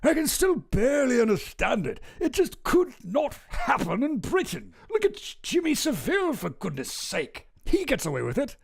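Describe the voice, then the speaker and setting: Man doing a pompous old gentleman, quavering, theatrical, high and swooping. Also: sing-song, unhurried, creaky, few pauses, full character voice. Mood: mocking.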